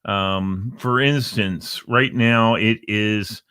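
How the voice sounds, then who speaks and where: A man's voice: fairly low pitch, fairly even intonation, very slow, sharp tone, smooth, no echo, clean studio sound. Upbeat man hosting a live stream. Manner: upbeat and rambling, with fillers and restarts. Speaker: host. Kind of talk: casual live-stream chat.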